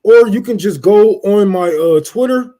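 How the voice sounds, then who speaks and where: A young man hosting a casual livestream, cursing loudly and laughing as he rants and thanks donors. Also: high voice, lively intonation, a little slow. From Detroit. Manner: profane, loud, laughing rants. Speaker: livestream host.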